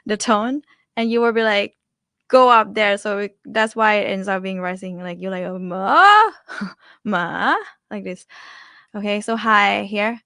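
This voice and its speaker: A woman's voice: medium pitch, bright, forceful tone, clean tone, dry recording, clean studio sound. A young woman with a Thai accent, teaching pronunciation in a chatty way and repeating syllables to show each tone. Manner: chatty, demonstrates tones by repeating syllables, laughs often. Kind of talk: casual online language lesson.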